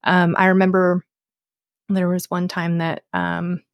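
A woman co-hosting a podcast as a dog trainer, telling stories in a casual, expressive way. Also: fairly low pitch, measured pace, vocal fry, no echo, lo-fi sound. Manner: expressive, storytelling with voiced puppy calls.

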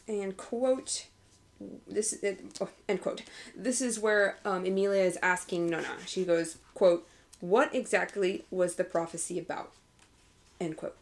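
A woman's voice: medium pitch, unhurried, creaky. A woman co-hosting a book podcast, chatting with enthusiasm, laughing easily and reading passages aloud. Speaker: podcast co-host. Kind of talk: casual book-club chat.

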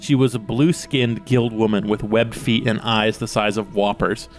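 A man's voice: fairly low pitch, fairly even intonation, moderate pace, faint music behind. A man co-hosting a podcast who jokes crudely and reads chapters of a book aloud. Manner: crude, joking. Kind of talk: casual chat and book reading.

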